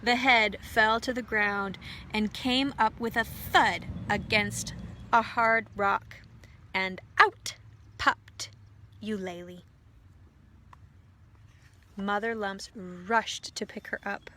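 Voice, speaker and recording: A woman pastor reading a storybook aloud to children, with gentle asides to a child. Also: mid-range voice, steady tone, slow, long pauses.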